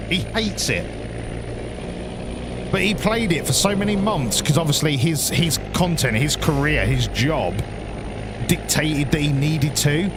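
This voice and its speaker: Sweary streamer over engine noise. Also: male voice, on the high side, expressive, unhurried, pauses often. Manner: chatty and sweary, rambling with frequent restarts. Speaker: streamer playing a driving game. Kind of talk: casual live-stream chat.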